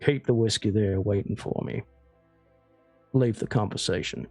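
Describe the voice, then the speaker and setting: Grim, low, clipped gunfighter in black, man doing the voice. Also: moderate pace, a little mellow, dry recording, faint music behind. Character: gruff grim male gunslinger in black, terse.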